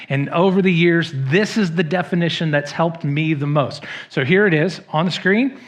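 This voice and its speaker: A middle-aged man preaches to his church in a bright, forward voice that sits a little high. He tells stories with self-deprecating humor and acts out the quotes. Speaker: pastor. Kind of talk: sermon. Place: church sanctuary.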